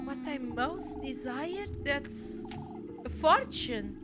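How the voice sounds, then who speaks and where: Woman reading a defiant young maid, lively pitch. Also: extremely slow, full character voice. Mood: indignant. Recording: game music playing behind.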